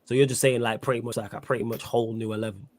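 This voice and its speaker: A man hosting a live stream sports Q&A, briskly directing the panel and reading out viewer questions. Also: mid-range voice, steady tone, a little mellow. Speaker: host.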